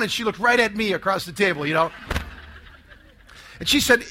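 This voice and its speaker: A man in his sixties giving an emotional testimony to a live audience, telling his story dramatically, sinking to hushed tones and rising to loud outbursts. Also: sits high, normal speed.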